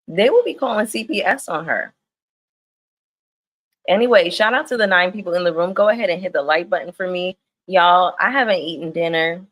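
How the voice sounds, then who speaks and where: Low-voiced chatty woman streamer. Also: a little fast. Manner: chatty and animated, laughs often. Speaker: reality TV recap streamer. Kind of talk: casual livestream commentary.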